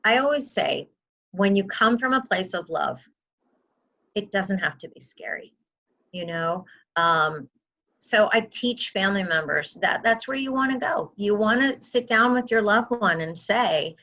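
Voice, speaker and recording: A woman's voice: on the low side, animated, normal speed, bright, forceful tone, muffled recording. A woman who works as a memory outreach specialist, giving earnest advice in an interview and acting out what a caregiver might say.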